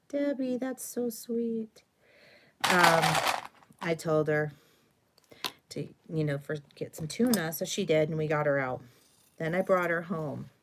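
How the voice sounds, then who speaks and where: With slight noise behind her, a middle-aged woman speaks in a low voice as she hosts a craft stream. She tells a lengthy story casually and chattily, wandering off with fillers and correcting herself.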